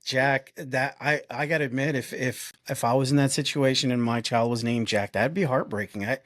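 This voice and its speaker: A man hosting a podcast, talking in an earnest, reflective way with halting restarts. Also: medium pitch, fairly even intonation, fairly bright tone, no room sound. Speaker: podcast host. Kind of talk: casual podcast chat.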